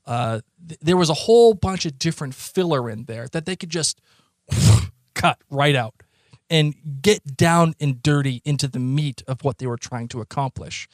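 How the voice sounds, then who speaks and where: Boston guy podcast co-host, rambly and excited, slightly high voice, dry close sound. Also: moderate pace, no echo. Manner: rambling, excitable, many restarts. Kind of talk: casual chat.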